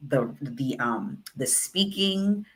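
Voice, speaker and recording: A woman who works as a writing consultant and author coach, telling a story in a casual, animated way and acting out the dialogue. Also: extremely low pitch, takes it slowly. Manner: animated, acts out quoted dialogue.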